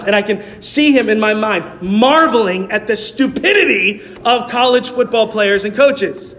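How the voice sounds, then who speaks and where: A pastor with a notably high voice delivers his sermon with emphatic conviction, driving his points home through repeated rhetorical lines. His words ring out with a long, hall-like reverb. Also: normal speed, hardly any pauses, fairly bright tone. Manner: emphatic preaching with rhetorical repetition.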